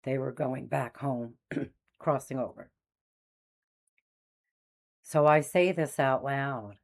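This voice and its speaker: Woman in her sixties, a medium telling personal stories in a low voice, animated, acts out voices. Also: slow pace. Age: 60s. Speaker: spiritual medium host. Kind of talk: personal storytelling.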